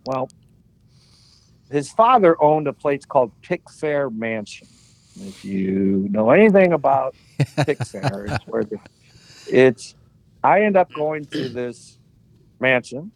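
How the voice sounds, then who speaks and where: A man in his sixties, a podcast guest telling animated anecdotes and laughing as he goes. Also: medium pitch, slow, long pauses, dry recording, rough recording. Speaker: guest, former soccer player. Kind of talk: casual storytelling.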